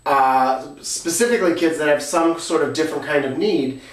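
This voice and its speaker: A man hosting a podcast who tells a story casually, halting often with filler sounds. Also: fairly high pitch. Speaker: podcast host. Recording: roomy, distant from the mic.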